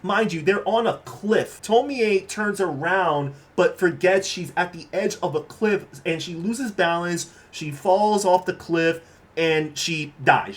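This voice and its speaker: Chill dude recapping manga, kinda high voice, lots of likes and cussing. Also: male voice. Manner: laid-back, swears, lots of "like" fillers. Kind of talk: casual storytelling recap.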